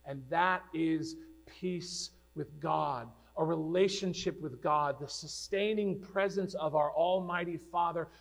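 A man preaching a sermon with a slightly higher-than-usual voice. He speaks earnestly, pressing his questions on the congregation and swelling loud when quoting commands. A faint mains hum sits under the recording. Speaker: pastor.

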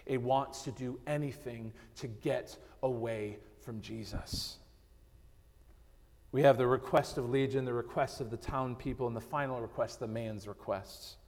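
A man preaching with a high, tenor-like voice, driving some lines hard and then dropping to near silence. His voice rings out with long reverb, as if filling a large sanctuary. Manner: dynamic preaching, swinging from loud emphasis to hushed, slow lines. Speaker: pastor. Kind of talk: sermon.

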